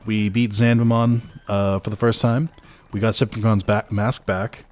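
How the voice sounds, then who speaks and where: A man's voice: fairly low pitch, flat delivery, moderate pace, a little mellow. A young man casually chatting with his viewers while streaming a game, joking and rambling with lots of fillers. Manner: chatty, joking, talks to chat, frequent fillers. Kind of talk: casual livestream commentary.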